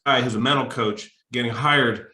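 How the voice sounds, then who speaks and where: A man, a mental toughness coach, telling a story in a podcast interview and acting out the dialogue with sudden pitch jumps. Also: moderate pace, reverberant. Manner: animated, acts out dialogue with big pitch jumps.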